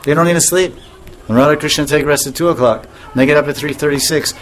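A man's voice: a little high, quick pace. A man teaching as a spiritual teacher in a casual devotional talk, often chuckling, restarting sentences and acting out little scenes in voices. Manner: acts out voices in anecdotes.

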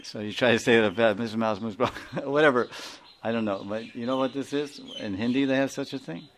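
A man's voice: mid-range voice, a little fast, a little hiss or hum. A man with an Indian accent, a spiritual teacher giving an informal class, rambling, chuckling and often asking his listeners to confirm.

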